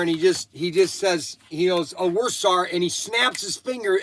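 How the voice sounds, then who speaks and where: A man's voice: high-pitched, fairly bright tone, slight background noise. An older man hosting a casual chat, rambling and going off on tangents, sounding tired. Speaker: host.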